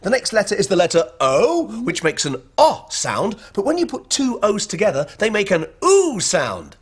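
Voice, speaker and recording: A man presenting a children's puppet show, lively and playfully exasperated, often laughing as he scolds the puppets. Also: sits high, normal speed, slightly rough. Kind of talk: lively scripted banter with puppets.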